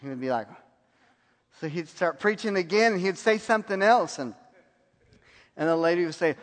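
A man's voice: sits high, expressive, moderate pace, pauses often. A man preaching a sermon, telling stories and laughing at his own anecdotes. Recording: long hall reverb.

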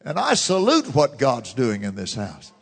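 A fervent man preaching a sermon in a church, swinging from loud declarations to hushed murmurs. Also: mid-range voice, huge pitch swings, a little slow, creaky, slightly rough. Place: church sanctuary. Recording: long church reverb.

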